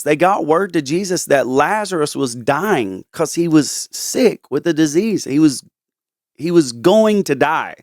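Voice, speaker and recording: A man with a high voice speaks slowly and earnestly as he retells a Bible story on a podcast. He stumbles and restarts phrases as he goes. The sound is close and dry. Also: no room sound. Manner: earnest, halting, with frequent restarts. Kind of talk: casual Bible discussion.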